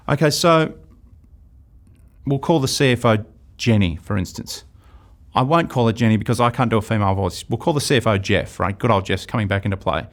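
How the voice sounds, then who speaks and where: A man's voice: mid-range voice, fairly quick. A middle-aged Australian man teaching a sales course, telling anecdotes and acting out dialogues. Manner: lively storytelling, acts out dialogues. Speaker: sales trainer. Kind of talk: recorded course lecture.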